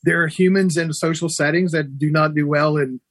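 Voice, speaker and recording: A man talking calmly as a guest on a radio show, explaining how dogs read people and clearing his throat now and then. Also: a little high, brisk, no room sound. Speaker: dog behavior guest. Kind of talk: casual radio chat.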